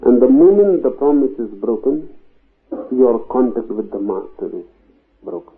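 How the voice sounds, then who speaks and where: A man giving a slow spiritual discourse as a teacher, deliberate with long pauses and emphatic rises on key words. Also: mid-range voice, big pitch swings, gravelly. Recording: tinny phone-like old tape.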